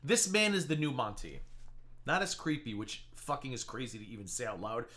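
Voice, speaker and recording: A mocking reaction streamer gives live commentary in a bright, ringing voice that jumps all over its range. The delivery is sarcastic and profane, with mock-tearful impressions thrown in. It sounds like a casual home streaming setup. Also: mid-range voice, lively intonation, brisk.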